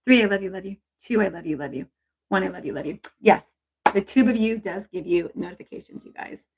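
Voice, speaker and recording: A woman's voice: medium pitch, fairly quick, noisy background. A woman hosting a casual livestream, talking affectionately and chattily to her viewers about intuition. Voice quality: gravelly, husky. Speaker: intuitive reader and livestream host.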